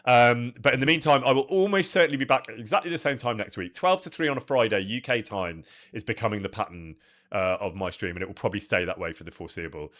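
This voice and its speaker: A man's voice: fairly low pitch, quick pace, a bit bright. A man chatting casually and rambling through asides as he streams a video game, laughing easily. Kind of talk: casual live-stream chat.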